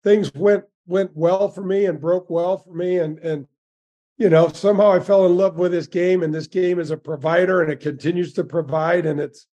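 A man's voice: a little high, dark tone, dull audio. A man in his sixties, a former pro golfer, telling stories as an interview guest in a folksy, enthusiastic way with lots of restarts. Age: 60s. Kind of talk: storytelling interview.

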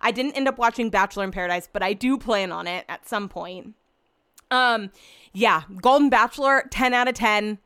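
A woman's voice: medium pitch, normal speed, pushed and bright, smooth. A young woman hosting a podcast, chatting casually and gushing with lots of "like" and "um". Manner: bubbly, gushing, uses lots of "like" and "um". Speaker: podcast host. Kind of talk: casual solo chat.

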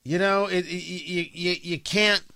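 A man hosting a morning talk radio show, delivering an animated, wry monologue with rambling asides from a studio microphone. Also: high-pitched, measured pace, vocal fry, clear, resonant tone, dry recording.

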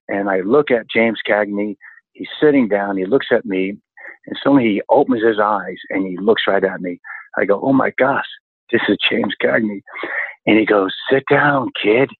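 An older man in his sixties spins animated stories about his stunt career, exclaiming as he goes. His voice sits a bit low and comes through a dry, tinny, phone-like line. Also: creaky, dry recording. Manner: animated anecdotes, exclaims often. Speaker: stunt coordinator guest. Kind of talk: storytelling interview chat.

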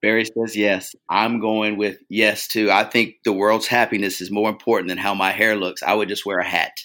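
Bright-voiced man, easygoing podcast co-host. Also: fairly low pitch, level tone, moderate pace. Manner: easygoing, joking, rambling with fillers. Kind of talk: casual podcast chat.

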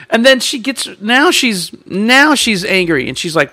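A man with a high, bright voice, telling a funny story in an animated way and laughing often. His pitch swings widely and his tone is bright and sharp. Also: normal speed, hardly any pauses, dry recording.

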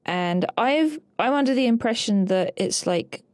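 A woman's voice: fairly high pitch, animated, a little slow, no echo. A woman co-hosting a podcast, telling a rambling dream story with lots of fillers and laughter. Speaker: podcast co-host recounting a dream. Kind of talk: casual chat.

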